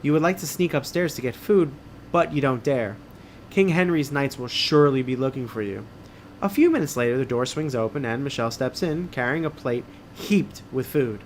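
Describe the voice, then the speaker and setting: A man's voice: medium pitch, lively intonation, normal speed, a little hiss or hum. A middle-aged man streaming as he reads an adventure book aloud, with wisecracking, self-mocking asides. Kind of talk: casual read-aloud with joking asides.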